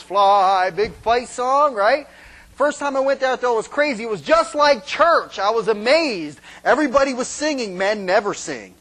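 A man preaching a sermon with lively, joking delivery, often asking "right?" and acting out cheering fans. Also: very high-pitched, poor audio. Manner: animated, acts out fans shouting and singing; rhetorical "right?" after points. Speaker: pastor.

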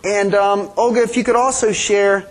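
A man's voice: sits high, fairly even intonation, normal speed. A man leading a church service as pastor, speaking hesitantly and coaxingly with many fillers. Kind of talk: sermon.

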